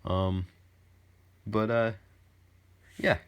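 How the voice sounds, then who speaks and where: Low-voiced guy rambling through a summary. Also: fairly even intonation, very slow, clean tone. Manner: rambling, irreverent, many fillers. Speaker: student. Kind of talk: casual spoken summary.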